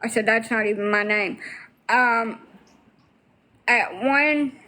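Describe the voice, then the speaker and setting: A woman's voice: a little high, slow pace, sharp tone. A woman talking bluntly to viewers on a casual livestream, swearing freely.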